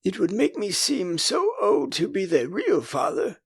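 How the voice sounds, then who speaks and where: A man's voice: high-pitched, huge pitch swings, measured pace, gravelly, breathy edge, no echo, voice pushed up, exaggerated voice. An older man with an English accent voicing a boyish, puzzled boy who won't grow up in a storybook audiobook.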